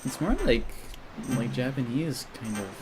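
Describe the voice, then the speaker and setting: A young man co-hosting a casual let's play, goofy and giggly, stammering a bit and yelling at the screen at times. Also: mid-range voice, moderate pace. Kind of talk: casual gaming commentary. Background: game music.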